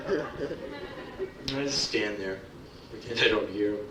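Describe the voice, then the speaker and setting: A man's voice: on the low side, a little slow, sharp tone, slight background noise. A man performing profane, sardonic spoken-word stories live in a music club, acting out the people in them. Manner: profane, sardonic, acts out quoted voices. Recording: roomy live club recording from a distance.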